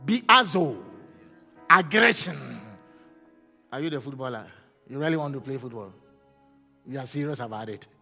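A man preaching a fervent sermon as pastor, rising to shouts and asking the congregation questions. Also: mid-range voice, quick pace, long pauses, long reverb tail, faint music behind.

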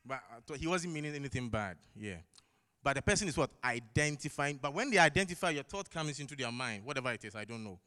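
A man's voice: mid-range voice, lively intonation, quick pace, sharp tone. A man with a non-native English accent preaching a sermon in a church, emphatic, putting rhetorical questions to the congregation and repeating key phrases. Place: church hall. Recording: long echo of a large hall.

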